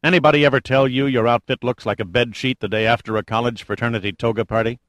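A man's voice: medium pitch, fairly even intonation, quick pace, a bit bright, no room sound, natural voice. A male narrator voicing a defiant, sarcastic male adventurer who talks bluntly and casually. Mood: wry.

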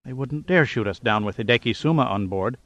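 A man's voice: medium pitch, brisk, a bit bright, no room sound, lo-fi sound, natural voice. A man reading the lines of a spirited young woman in an eager voice.

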